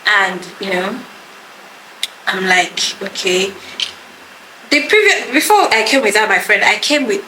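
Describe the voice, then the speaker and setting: A woman's voice: mid-range voice, moderate pace. A woman telling a story in a casual chat, acting out the voices of the people in it. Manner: animated storytelling, acts out quoted voices. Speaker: podcast co-host telling a story. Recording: echoey room with background noise.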